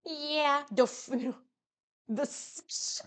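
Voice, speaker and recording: Animated, teasing woman streamer. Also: fairly high pitch, moderate pace. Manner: playful, teasing, swears freely. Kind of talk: casual live-stream chat.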